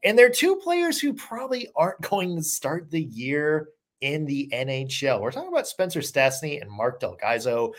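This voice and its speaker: Laid-back hockey podcast host, voice bounces up and down, says uh a lot. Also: medium pitch. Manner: relaxed, frequent uh fillers. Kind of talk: casual sports chat.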